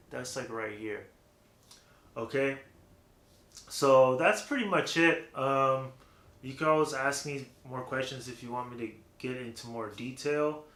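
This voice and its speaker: A man's voice: medium pitch, bright, forceful tone. A man giving a casual, rambling vocal technique lesson, full of fillers, who breaks off to demonstrate different voice placements. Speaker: vocal coach. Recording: roomy echo.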